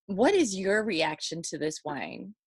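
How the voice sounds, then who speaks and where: Low-voiced woman co-hosting a podcast. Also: very animated, measured pace, slightly rough, no room sound. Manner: joking, playful. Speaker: podcast co-host. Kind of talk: casual chat. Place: podcast studio.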